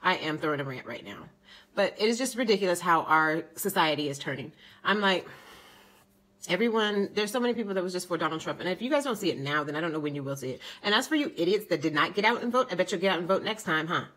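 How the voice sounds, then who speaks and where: A young woman from the United States vents to her camera in an animated, indignant vlog rant. Her voice sits slightly low, and her delivery turns sarcastic as she presses her points. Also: fast, rough recording. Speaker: vlogger.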